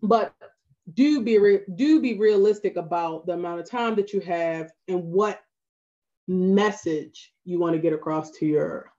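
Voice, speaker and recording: A woman's voice: lowish voice, a little slow, dark tone, muffled recording. Baltimore-accented woman photographer giving advice. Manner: earnest, advice-giving, frequent "right?" asides. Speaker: photographer guest. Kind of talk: casual podcast interview.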